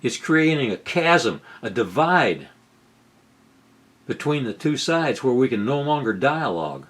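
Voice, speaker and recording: A middle-aged man giving sarcastic political commentary over video clips, incredulous and rising to loud outbursts. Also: medium pitch, big pitch swings, measured pace. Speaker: commentary host.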